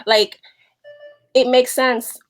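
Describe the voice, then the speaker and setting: Bronx girl w/ new york accent, excitable, chatty on a video call. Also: high voice, very slow, faint music behind. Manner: animated, excitable storyteller. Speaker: guest, wardrobe stylist. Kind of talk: casual chat.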